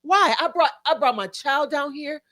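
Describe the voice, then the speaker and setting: Emphatic tearful woman, high voice. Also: normal speed, pushed and bright. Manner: emphatic, insistent, close to tears. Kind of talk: emotional casual panel talk.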